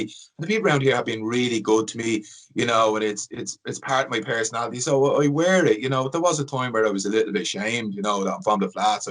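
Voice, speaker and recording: A man's voice: lowish voice, fairly bright tone. Easygoing man hosting a podcast. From Ireland, Dublin Liberties. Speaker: podcast host. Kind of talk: casual podcast chat.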